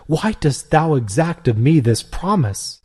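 A man reading aloud, voicing an eager young male Roman pagan who asks excited, pleading questions. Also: on the high side, unhurried, slightly rough, pitched above the performer's own voice, heavily acted. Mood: eager wonder. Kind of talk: storybook reading.

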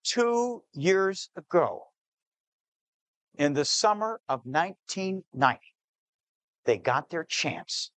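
A man's voice: on the high side, sing-song, a bit bright, dry recording. Man telling a story, dramatic pacing. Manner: shifts pace, slows on key details, plays the people in the story.

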